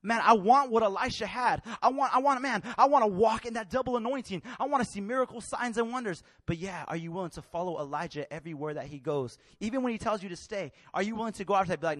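A man preaching a sermon in a lively, colloquial way, acting out scenes with slangy voices. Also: high-pitched, fast, no room sound. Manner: animated, colloquial, acts out Bible characters in street slang.

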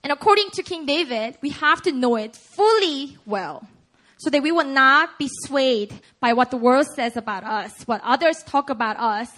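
A woman's voice: high voice, expressive, moderate pace, fairly bright tone. A young woman pastor preaching a sermon, playful, laughing and putting questions to her congregation. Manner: asks the audience questions.

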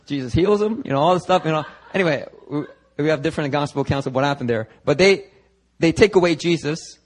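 A man preaching a sermon at a church service, lively and conversational, acting out the voices of biblical figures as he goes. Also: on the high side, fast, rough recording. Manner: animated, acts out voices of biblical figures, talks to the congregation. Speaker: pastor.

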